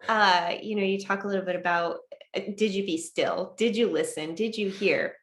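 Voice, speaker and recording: A woman's voice: medium pitch, moderate pace, fairly bright tone, slight background noise. A woman hosting a podcast interview, asking reflective, thoughtful questions. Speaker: podcast host. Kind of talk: conversational interview.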